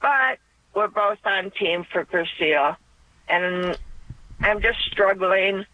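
A woman's voice: medium pitch, takes it slowly, a little hiss or hum. A woman calling in to a radio show, speaking hesitantly and sounding upset. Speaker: caller. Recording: dry, tinny phone line.

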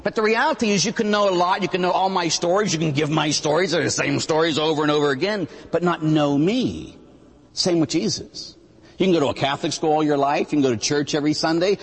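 A middle-aged man who is a Catholic priest, preaching a sermon in an animated way and mimicking voices and sound effects. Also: on the high side, husky. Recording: long echo from a large hall.

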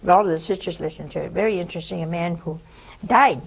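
Speaking a little fast in a lowish, gravelly, husky voice, an older woman gives an informal spiritual talk as a religious teacher. She tells a story, acting out its people with animation in their quoted lines. The recording is low quality.

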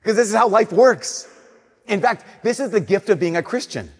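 A man preaching a conversational sermon, telling stories and slowing down softly on his key points. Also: sits high, expressive, in a large hall.

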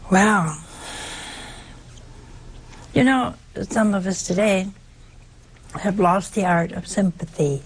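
A woman's voice: on the low side, lively intonation, takes it slowly, pauses often, breathy edge. An older woman giving a conversational sermon, emphatic and full of rhetorical questions. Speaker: preacher.

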